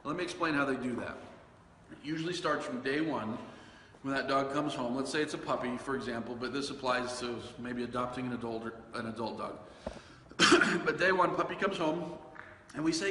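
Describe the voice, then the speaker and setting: A man with a somewhat high, forceful voice hosts a casual solo podcast about dog training. He talks loosely and conversationally, often restarting sentences and filling pauses. The recording has a long, roomy reverb and a faint hiss behind it. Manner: conversational, loose, with fillers and self-corrections.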